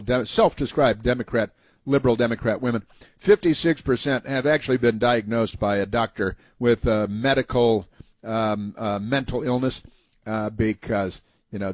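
A man's voice: medium pitch, moderate pace, dry recording. A man hosting a talk show, giving sarcastic, rambling commentary with many fillers.

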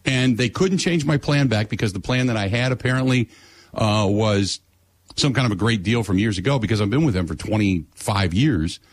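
Husky middle-aged sports radio host. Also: male voice, fairly low pitch, animated, moderate pace, dry recording. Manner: exasperated storyteller, blunt and sarcastic. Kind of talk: casual ranting chat.

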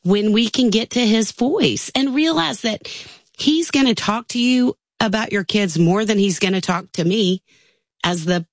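A woman's voice: medium pitch, no echo. A woman, a guest author in a casual conversation, speaking earnestly. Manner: earnest, reads aloud slowly and deliberately.

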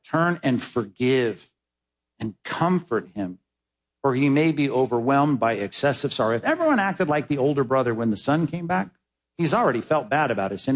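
A man preaching a sermon as pastor, stressing words with sudden high, loud bursts and dropping to low, quiet asides. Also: husky.

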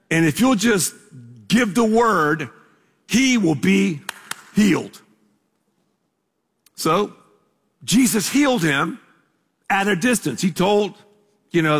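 A man's voice: high voice, fairly bright tone. A man preaching a sermon as pastor, conversational and emphatic, asking the congregation to repeat words with him. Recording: long reverb of a large hall.

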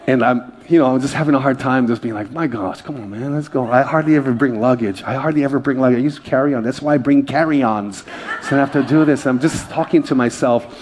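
A man's voice: medium pitch, quick pace, a little mellow, a little hiss or hum. A male pastor from Hawaii preaching a sermon, telling self-deprecating stories to his congregation. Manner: self-deprecating, jokey storyteller. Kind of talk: sermon with humorous personal stories.

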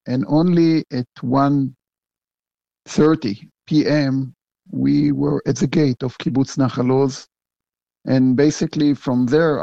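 An older man, a retired general answering interview questions in a halting way, full of fillers and restarts. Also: medium pitch, creaky, mellow, dry recording, muffled recording. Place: home in a big city.

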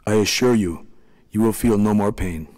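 A man's voice: lowish voice, moderate pace, lightly acted. A man voicing a kind, soothing leader of the little people, a small middle-aged man. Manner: gentle, soothing.

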